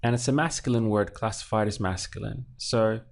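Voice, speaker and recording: Guy with a lowish voice teaching vocab, slow and patient, says words over and over. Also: vocal fry. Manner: patient, explains slowly and repeats words. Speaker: Spanish teacher. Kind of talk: language lesson narration.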